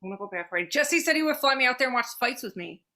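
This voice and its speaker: A woman co-hosting a podcast, telling stories in a loose, excited way, with plenty of swearing and "like" fillers. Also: on the high side. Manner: swears freely, fast excited storytelling with many fillers. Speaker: podcast co-host. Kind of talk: casual chat.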